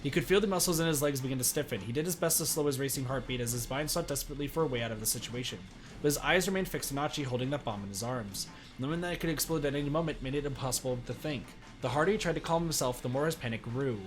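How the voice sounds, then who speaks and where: A man streaming a visual novel, reading its text aloud in an animated way and shouting excited reactions between lines. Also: mid-range voice.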